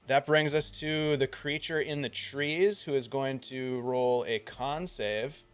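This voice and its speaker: A man narrating as game master of a tabletop game, with quick relaxed asides between scene descriptions. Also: medium pitch, clean tone, no echo.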